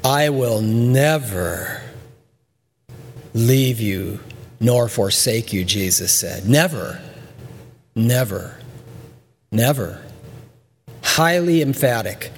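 A male pastor preaching a sermon with animated delivery, acting out voices and repeating words for emphasis. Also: mid-range voice, takes it slowly, big-room sound, a little hiss or hum.

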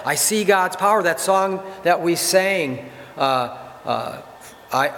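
A man's voice: high-pitched, animated, a bit bright, slight background noise. Emphatic preacher man in echoing church. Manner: emphatic, repeats key phrases, slows for scripture. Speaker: pastor. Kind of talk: sermon. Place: church sanctuary. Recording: church hall reverb.

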